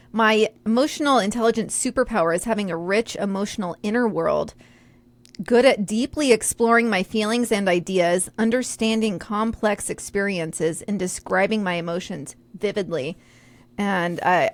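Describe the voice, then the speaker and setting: A woman's voice: mid-range voice, normal speed. A woman co-hosting a podcast, chatting in a reflective, casual way. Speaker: podcast co-host. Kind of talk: casual conversation.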